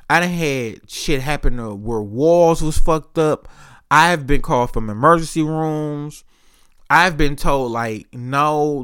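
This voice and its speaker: A man's voice: a little high, a bit bright, dry recording, clean studio sound. A man in his thirties hosting a podcast, telling a rambling, profane story in casual chat and acting out the voices of the people he quotes. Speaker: podcast host.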